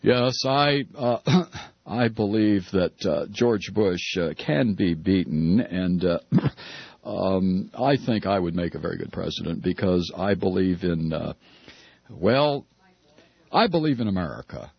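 A man putting on a dull, hesitant male candidate who speaks in a halting monotone and keeps clearing his throat. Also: deep voice, no room sound, voice pushed down, exaggerated voice. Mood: bland.

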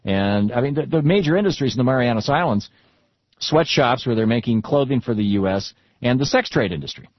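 Husky indignant radio host. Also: male voice, mid-range voice, lively intonation, fairly quick, no echo, highs cut off. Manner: indignant, sarcastic, lecturing. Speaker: radio talk show host. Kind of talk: talk radio commentary.

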